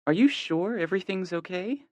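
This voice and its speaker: A man's voice: high-pitched, normal speed, no room sound, pitched above the performer's own voice, natural voice. A man reading an audiobook, voicing an anxious, caring middle-aged mother on the phone who asks question after question. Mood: worried, curious.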